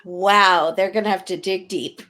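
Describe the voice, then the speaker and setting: A woman's voice: medium pitch, fairly even intonation, a little slow, sharp tone. A woman guest on a podcast, chatting casually and dropping teasing quips. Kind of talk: casual chat.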